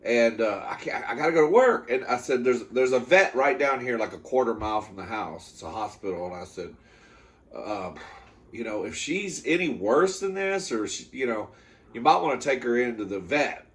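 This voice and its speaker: A man hosting a comedy eating show, telling a story in a campy, profane, chatty way, calling the viewer "girl" and jumping into loud high yelps when he quotes himself or scolds his dogs. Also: lively intonation, normal speed. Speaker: comedy mukbang host. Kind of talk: casual storytelling to camera.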